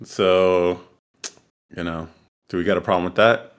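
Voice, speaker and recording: Low-voiced man joking bluntly. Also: fairly even intonation, unhurried, smooth. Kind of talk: casual chat.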